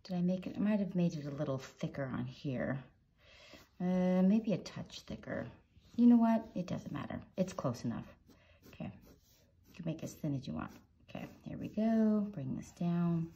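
A woman on the low side of the range, animated and speaking at normal speed, hosts a casual drawing tutorial full of encouragement and playful little sound effects as she sketches. Her tone is dark and the audio is dull.

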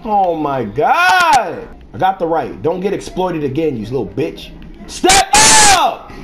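A man streaming a game, yelling angry trash talk at his teammates. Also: a little high, wildly swooping pitch, slow pace, slight background noise. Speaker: gaming streamer.

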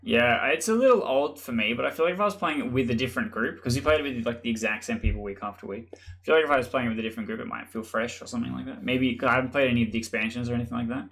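A man hosts a casual board game video from home, chatting over an online call. His talk is relaxed and rambling, full of small restarts and trailing thoughts. His voice sits at an ordinary middle pitch. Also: rapid-fire, creaky. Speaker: channel host. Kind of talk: casual chat.

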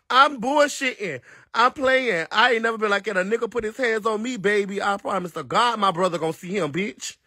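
A man hosting a casual live stream. He talks in a sassy, animated way to his viewers, laughs often, and speaks into a phone mic. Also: high voice, a little fast, no echo. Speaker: livestream host.

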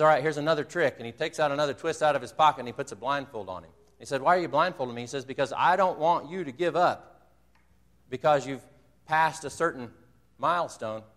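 Male preacher, mid-pitched, earnest storyteller, recorded in a reverberant church hall. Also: fairly quick, pauses often, a bit bright. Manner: earnest storytelling, retells a movie scene with quoted dialogue. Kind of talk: sermon. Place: church sanctuary.

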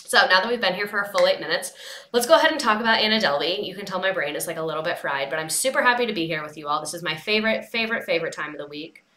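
A woman's voice: fairly low pitch, animated, rapid-fire, pushed and bright, roomy sound. A young woman hosting a casual livestream, chatting and retelling a phone call with quoted dialogue. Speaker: livestream host.

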